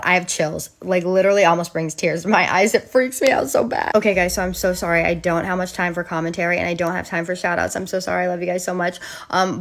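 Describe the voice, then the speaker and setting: A woman host narrating an eerie true story with dramatic build and gushing asides to her viewers. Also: lowish voice.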